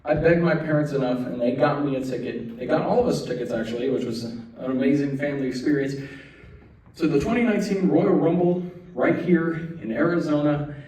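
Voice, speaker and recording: In an event center room, a young man hosts a wrestling show with animated solo commentary, ranting in playful mock outrage before apologizing. His voice is a little high and a little mellow, and fairly quick. The room is very echoey and the mic sits far off.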